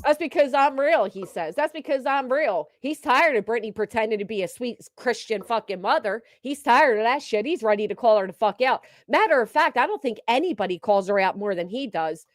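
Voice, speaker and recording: A woman's voice: fairly high pitch, animated, fairly quick, few pauses, no room sound, clean studio sound. A woman giving blunt, mocking, profanity-heavy reaction commentary. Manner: blunt, mocking, swears heavily. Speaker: commentary streamer.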